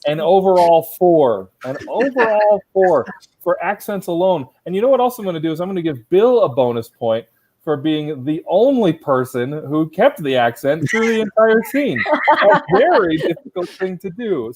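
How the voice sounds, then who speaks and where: A man with a fairly high, darkish voice emcees and judges an improv competition online from his home laptop, and the recording is rough. His banter is casual and meandering, and he needles performers with comically stern verdicts.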